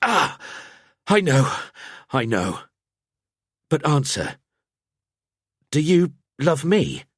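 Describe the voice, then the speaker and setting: A man's voice: a little high, big pitch swings, very slow, long pauses, husky, dry recording, studio quality, pitched above the performer's own voice, full character voice. A male narrator voicing an injured young knight who speaks pleadingly and earnestly.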